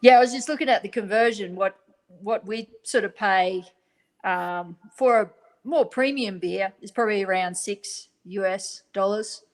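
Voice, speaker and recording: A woman from Australia in a casual chat, relaxed and hesitant, with many fillers. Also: mid-range voice, moderate pace, low-quality recording.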